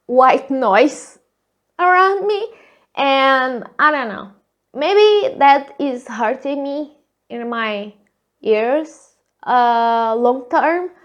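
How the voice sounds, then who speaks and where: Hosting a reflective solo podcast, a native Portuguese speaker from Portugal talks with a Portuguese accent in a thin, squeaky, girlish voice. She pauses often on hesitant fillers, and the audio sounds dull.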